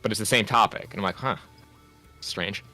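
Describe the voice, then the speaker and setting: A man with a lowish, bright-toned voice chats casually on a stream, rambling and trailing off mid-thought. Faint music sits behind him. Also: steady tone, rapid-fire. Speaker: video editor, stream guest.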